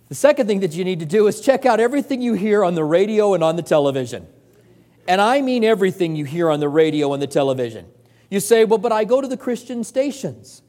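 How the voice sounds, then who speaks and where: A man's voice: high-pitched, darkish tone, big-room sound. A man preaching a sermon as pastor, earnest and conversational, repeating points for emphasis.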